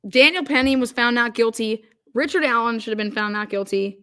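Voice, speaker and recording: A woman's voice: fairly high pitch, fairly quick, bright, forceful tone. A woman from Ohio hosting a live stream, ranting angrily with profanity and frequent restarts, and reading viewer comments aloud. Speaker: livestream host.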